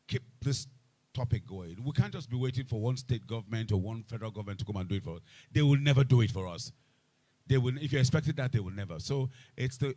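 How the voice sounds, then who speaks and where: A man moderating a live panel, emphatic and repetitive, growing loud and animated, speaking into a microphone. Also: fairly low pitch. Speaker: event moderator. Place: event hall with a microphone. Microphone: handheld event microphone.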